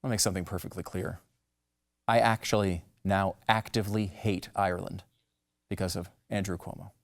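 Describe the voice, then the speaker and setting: A man hosting a political commentary show, talking in a mocking, sarcastic way with loud jabs and muttered asides. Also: low voice, steady tone, moderate pace, vocal fry.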